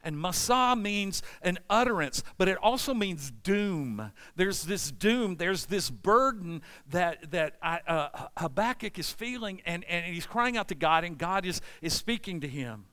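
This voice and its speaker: A middle-aged man preaches a sermon with a clear, smooth, resonant voice. His tone sits high and bright, and he breaks into anguished cries as he voices prayers to God. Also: animated, unhurried, few pauses. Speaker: pastor.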